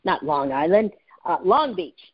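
A woman in her fifties, a sales and speaking trainer, telling stories with lively energy and frequent laughter in an interview. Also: lowish voice, a little slow. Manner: lively, laughs often, acts out dialogue. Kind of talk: animated storytelling in an interview. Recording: dull lo-fi audio.

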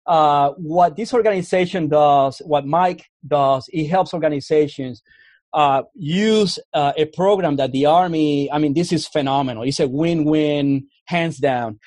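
This army officer speaks as a guest in a laid-back interview, his Canadian accent clear. He talks earnestly, frequently restarting phrases, at an unhurried pace in a fairly high, slightly mellow voice with no echo.

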